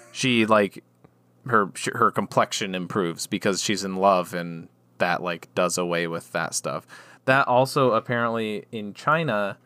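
A man's voice: lowish voice, sharp tone, clear, resonant tone, no room sound. A man co-hosting a podcast, rambling through a casual chat with many fillers and restarts. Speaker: podcast co-host.

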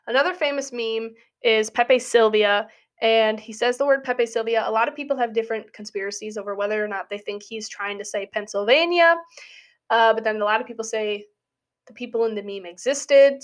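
A woman's voice: fairly high pitch, steady tone, fairly quick. A young adult woman, a college student, talking through a casual spoken essay in a chatty, giggly way full of "like" fillers. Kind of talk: casual monologue.

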